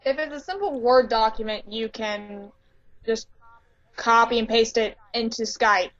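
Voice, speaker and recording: A woman's voice: fairly high pitch, a little slow, a bit bright, muffled recording. A woman on a game call giving matter-of-fact help.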